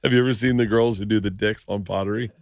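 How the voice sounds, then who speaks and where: A middle-aged man hosting a podcast, chatting casually with rambling, jokey, excitable stories. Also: fairly low pitch, fast, no echo. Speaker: podcast host. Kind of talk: casual chat.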